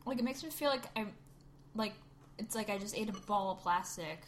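A woman's voice: medium pitch, a little fast, a little hiss or hum. A woman co-hosting a podcast in casual chat at a kitchen table, playful and teasing. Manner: playful, teasing, laughs often. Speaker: podcast co-host.

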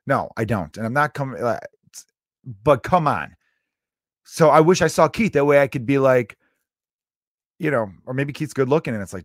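A man's voice: medium pitch, animated, moderate pace, no echo, clean studio sound. A man in his thirties hosting a podcast, telling a rambling story in a profane, self-mocking, casual way. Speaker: podcast host. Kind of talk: casual comedic monologue.

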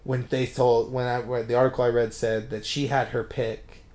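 A man co-hosting a podcast, recapping a film in a casual, animated way and swearing freely as he tells it. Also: mid-range voice, moderate pace, a crowd in the background. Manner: animated storytelling with frequent swearing. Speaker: podcast co-host. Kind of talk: casual movie recap chat.

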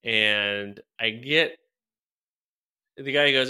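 A man's voice: mid-range voice, unhurried, pauses often, bright, forceful tone, clear, resonant tone. A young man telling a rambling story in casual chat, full of fillers, restarts and laughs. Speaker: podcast co-host telling a story.

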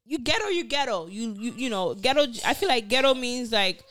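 Lively, blunt woman podcast co-host. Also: a little high, brisk, a little hiss or hum. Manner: blunt, animated, laughs along. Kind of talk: casual pop-culture podcast chat.

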